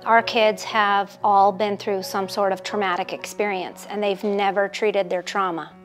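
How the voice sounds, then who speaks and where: A woman's voice: mid-range voice, little pitch movement, unhurried, faint music behind. A woman on a charity's staff speaking in a matter-of-fact, conversational way. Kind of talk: interview testimony.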